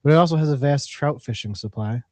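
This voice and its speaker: A man's voice: a little high, quick pace, darkish tone, no echo. A man co-hosting a podcast, running through show plugs and reading trivia in an upbeat announcing way. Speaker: podcast co-host. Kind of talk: casual podcast chat and segment reading.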